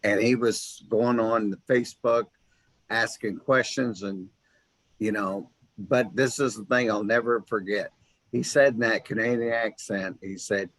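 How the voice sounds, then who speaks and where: A man hosting an interview, chatting casually and telling stories with lively restarts and asides. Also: on the low side, a little slow, no echo, poor audio. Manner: animated storyteller, self-interrupting restarts. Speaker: host.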